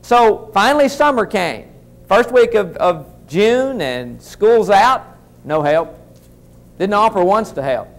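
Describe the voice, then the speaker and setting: Guy telling a funny story on stage, high voice that jumps all over, chatty folksy manner. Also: animated, slow pace. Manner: folksy, talks straight to the audience as folks. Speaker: motivational speaker. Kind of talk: humorous keynote storytelling.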